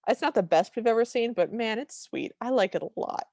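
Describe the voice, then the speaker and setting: A woman co-hosts a laid-back podcast, recapping a film with chatty enthusiasm, plenty of fillers and frequent restarts. Her voice is fairly high and somewhat dark in tone, animated and a little quick. The recording is clean studio audio with no echo.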